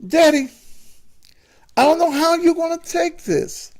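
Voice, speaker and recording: A man voicing a nervous young adult son who speaks in a high, breathy, pleading voice. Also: unhurried, a little mellow.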